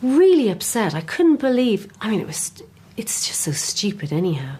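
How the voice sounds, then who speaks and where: An Irish woman, a voiceover artist, talking emotionally and quickly in a candid interview. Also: mid-range voice, very animated, mellow, slightly rough. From Ireland.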